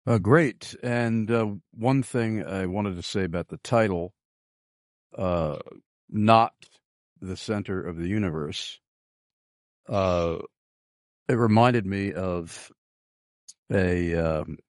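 Male interviewer, very low voice, hesitant questioning style, dry recording. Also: slow pace, long pauses, dry recording. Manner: hesitant, with frequent fillers.

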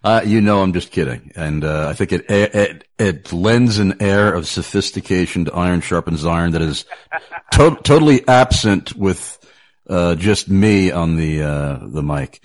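A man with a very low voice hosts a radio talk show. He talks in a casual, chatty way, often stumbling over repeated words and laughing easily as he goes. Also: lively intonation, measured pace.

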